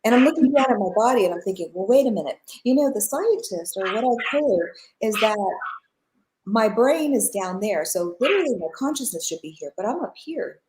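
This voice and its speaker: Here the spiritual teacher, a middle-aged woman guesting in a live interview, talks a little fast in a fairly high voice, with some hiss or hum on a rough recording. She tells stories from her life with lively energy, voicing each quoted line and laughing frequently.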